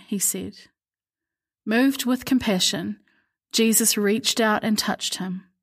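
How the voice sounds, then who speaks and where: A woman reading a Bible passage aloud in a calm, measured way, slowing down for the quoted words. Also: mid-range voice. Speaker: Bible reader. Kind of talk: scripture reading.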